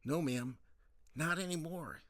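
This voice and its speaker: A man voicing a courteous hospital doctor who speaks in measured, polite phrases. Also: a little high, a bit bright, no echo, studio quality, voice pushed up. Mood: calm. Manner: measured, courteous, says ma'am.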